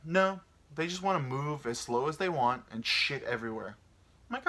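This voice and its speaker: A man's voice: on the high side, lively intonation, normal speed, bright, forceful tone. A man in his thirties hosting a rambling solo chat. He meanders, muses aloud and swears casually, and he sounds tired from little sleep. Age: 30s. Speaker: podcast host.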